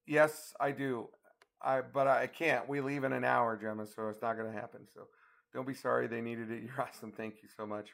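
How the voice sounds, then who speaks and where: A middle-aged man with a gravelly, mid-pitched voice hosts a livestream weather briefing. He talks in a folksy, chatty way, reading out viewer comments and answering them as he goes. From northeastern Colorado. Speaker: storm chaser hosting a livestream weather briefing. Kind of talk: casual livestream chat with viewers.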